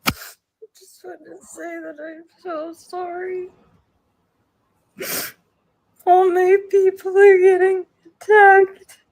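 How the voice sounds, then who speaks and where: A woman with a very high voice cries through a personal video message. She speaks slowly, in halting, broken phrases. Her pitch barely rises or falls. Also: flat delivery, a little mellow, rough recording. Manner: halting, apologetic, breaking off between words. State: crying.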